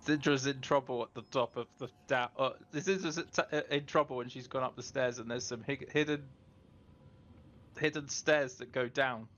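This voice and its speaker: A man voicing an earnest male adventurer, one of a pair of twins, in a tabletop role-play, speaking slowly and deliberately in character. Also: mid-range voice, fairly even intonation, a bit bright, lo-fi sound, natural voice. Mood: urgent.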